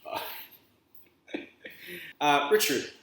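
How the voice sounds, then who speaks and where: A man's voice: extremely slow, over music. A man of about twenty co-hosting a podcast in a giggly, rambling, self-mocking way. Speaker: co-host. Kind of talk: casual podcast chat. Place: college house room. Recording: echoey room, far from the mic.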